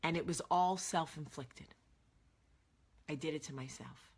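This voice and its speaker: A woman's voice: low-pitched, measured pace, a little mellow, breathy edge. A woman hosting an advice vlog, earnest and direct, repeating phrases for emphasis. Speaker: vlog host.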